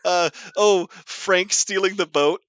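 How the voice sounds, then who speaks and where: A man co-hosting a podcast in casual chat, excitable and laughing often as he talks. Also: sits high, slow pace, smooth, no room sound, highs cut off. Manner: laughs a lot, animated and excitable. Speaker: podcast co-host.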